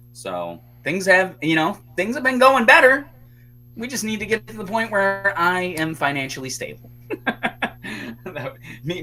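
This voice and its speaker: Lively, bright-voiced livestream host. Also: mid-range voice. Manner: chatty, rambling with fillers and laughs. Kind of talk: casual livestream chat.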